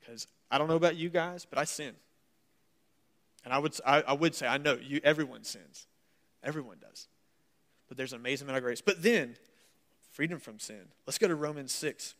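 A man's voice: a little high, fairly quick, long pauses, a bit bright. A man preaching a sermon at a church service in a folksy, joking way, reading scripture aloud and explaining it. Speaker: pastor.

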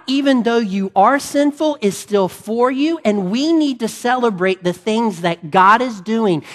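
A woman giving a casual, animated sermon, chatting and asking the audience questions. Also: mid-range voice. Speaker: preacher.

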